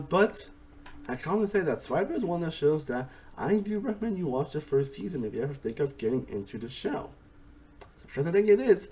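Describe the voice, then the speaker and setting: A man talks through a casual review in a loose, rambling way. He circles back over his points and keeps tacking on "honestly". His pitch swings up and down a lot. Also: dark tone. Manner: rambling, repeats himself, says "honestly" often.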